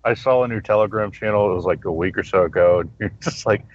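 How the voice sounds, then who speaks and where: A male podcast guest chatting casually, rambling and swearing in a relaxed way. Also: lowish voice, fast talker, no echo. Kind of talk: casual profane chat. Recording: dull lo-fi sound.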